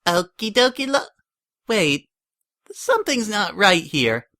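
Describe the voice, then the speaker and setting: Picture a squealing, hyper cartoon pony girl from a storybook reading, as a man puts her on. She chirps way up high, and her pitch leaps wildly from word to word. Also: big pitch swings, takes it slowly, bright, forceful tone, heavily acted. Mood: giddy. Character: hyper bubbly female pony, chirpy and giddy.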